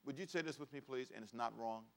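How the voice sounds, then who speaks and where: A man's voice: mid-range voice, fast, a little hiss or hum. Humorous pastor, man, preaching conversationally. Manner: conversational, humorous, asks congregation to repeat phrases; acts out quoted voices of kids and parents. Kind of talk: sermon.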